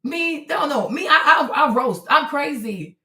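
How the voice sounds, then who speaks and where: A woman hosting a casual livestream, her voice sitting a touch high. She chats loosely with her viewers, swears freely and exclaims out loud when something surprises her. The room around her sounds roomy and echoey. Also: animated, unhurried. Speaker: livestream host. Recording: roomy echo.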